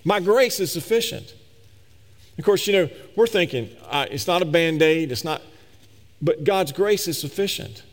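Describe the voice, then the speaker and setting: A man delivers a sermon in a somewhat high voice, with long reverb from a large hall behind him. He builds his points to loud, emphatic peaks and drops low and slow when reading scripture. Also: lively intonation. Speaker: preacher.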